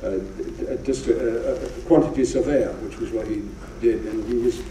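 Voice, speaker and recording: A man's voice: medium pitch, normal speed, mellow, a little hiss or hum. Older Scottish man telling stage anecdotes. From Scotland. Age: 70s. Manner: rambling, anecdotal storyteller. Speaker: guest actor. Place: theatre stage before an audience. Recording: roomy, distant live theatre recording.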